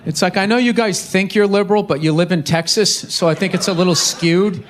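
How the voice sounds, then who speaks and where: A man with a high, reedy voice rants through a stand-up set, swearing freely and mocking everything in sight. He performs before a live audience, and his tone is sarcastic and exasperated. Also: fairly quick. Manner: ranting, profane, mocking. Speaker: stand-up comedian. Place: live comedy venue with audience.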